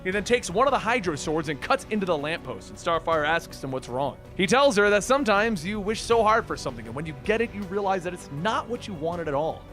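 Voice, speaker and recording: A man's voice: high voice, sing-song, a little fast, few pauses, a bit bright, soft background music. A man narrating a comic book story as a recap storyteller.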